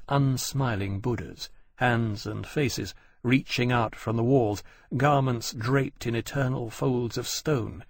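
A man narrating an audiobook in a measured, descriptive storytelling manner. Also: mid-range voice, no echo, clean studio sound. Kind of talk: scripted narration.

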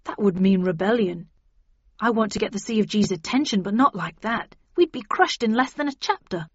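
A woman reading a weary, brooding male detective in an audiobook, often slow and sometimes hushed. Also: medium pitch, animated, slightly rough, dry recording, muffled recording. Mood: alarmed.

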